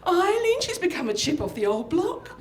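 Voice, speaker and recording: A woman's voice: extremely high pitch, big pitch swings, moderate pace, echoey room, pitched above the performer's own voice. A woman voicing a group of older lady friends exclaiming among themselves in a crowd. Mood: delighted.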